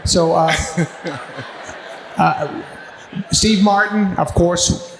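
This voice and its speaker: A man's voice: sits high, drawn-out words, vocal fry, background noise. A man hosting a live on-stage chat, telling rambling, profane anecdotes and laughing through them. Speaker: host. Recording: roomy hall with long reverb.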